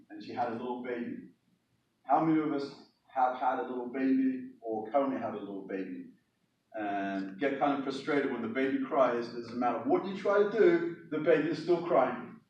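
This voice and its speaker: A man with an English accent giving a storytelling speech, chatty and putting questions to his audience. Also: medium pitch. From England. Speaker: speaker. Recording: echoey hall, mic far off.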